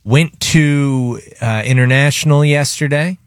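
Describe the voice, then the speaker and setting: A man's voice: a little high, measured pace, no echo. Chatty radio host man, dry studio sound. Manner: chatty, rambling anecdotes with many fillers. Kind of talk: casual morning-show storytelling.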